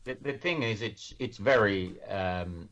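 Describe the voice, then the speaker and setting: Unhurried and expressive, this financial services worker talks as a podcast guest in a relaxed interview, his fairly low voice carrying a fairly bright tone. He explains with earnest care, frequently starting sentences over, on a dull lo-fi recording.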